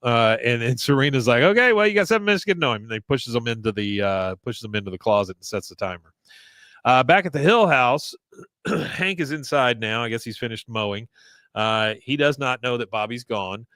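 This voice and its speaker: A man casually recapping a cartoon episode, telling it as an animated story with lots of fillers. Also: medium pitch, normal speed, no echo. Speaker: podcast host.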